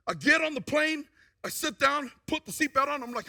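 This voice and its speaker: Testimony speaker: man, very high and bright voice, lively storyteller. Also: brisk, creaky. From New Zealand. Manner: animated storyteller who acts out what people said. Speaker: guest speaker giving a testimony.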